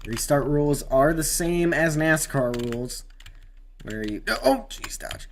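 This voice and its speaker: A man's voice: on the high side, a little slow, a little hiss or hum. Rambling man commenting on a racing game. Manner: rambling, excitable at near-crashes. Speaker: gamer doing race commentary.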